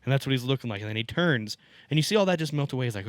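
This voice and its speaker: A man's voice: mid-range voice, animated, rapid-fire, dry recording. A man on a podcast, chatting casually and telling a rambling, profane work story that he keeps laughing at. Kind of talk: casual chat.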